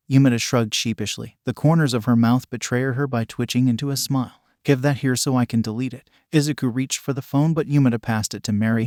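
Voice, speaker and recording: A man reads a story aloud in an even, steady voice, keeping every character close to his own mid-pitched tone. The recording is dry and close, with no room sound. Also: no room sound. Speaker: fan fiction narrator. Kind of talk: scripted narration.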